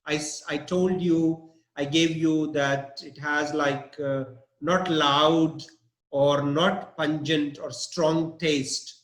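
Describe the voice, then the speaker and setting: Slow, patient man teaching vocabulary. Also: on the high side, steady tone, fairly bright tone, reverberant. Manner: slow, patient, spells words out letter by letter. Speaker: English teacher. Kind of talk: online vocabulary lesson.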